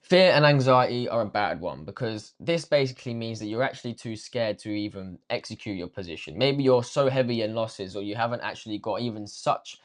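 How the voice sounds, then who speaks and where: A man's voice: lowish voice, animated, fairly quick, few pauses. A young man, a trading coach giving a blunt, swear-filled motivational rant and ending lines with "bruv" and "yeah".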